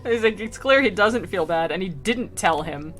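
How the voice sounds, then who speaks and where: A woman's voice: mid-range voice, animated, moderate pace, a bit bright, faint music behind. A woman on a live stream reading old poetry aloud and retelling it with irreverent, slangy asides, laughing often.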